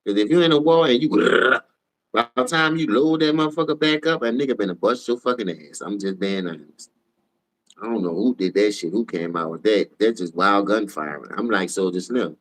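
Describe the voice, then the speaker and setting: A tired man with a New Orleans accent ranting profanely on a casual sports livestream, switching between low mumbles and loud outbursts. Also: brisk. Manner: profane, heated, jumps between mumbling and shouting.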